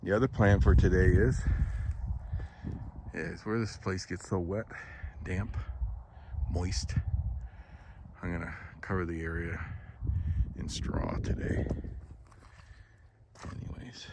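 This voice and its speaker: Rancher guy, real low voice, chatty with his cows, noisy outside with cattle around. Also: steady tone, slow, long pauses. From Alberta, Canada. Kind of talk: casual vlog chat. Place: outdoors in a snowy calving yard. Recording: outdoor wind and noise.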